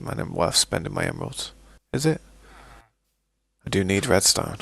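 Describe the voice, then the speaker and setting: Over crowd noise, a low, gravelly male voice swoops wildly in pitch at normal speed. The speaker is a British gaming streamer chatting casually through live play, often restarting sentences and saying mate and boys to viewers.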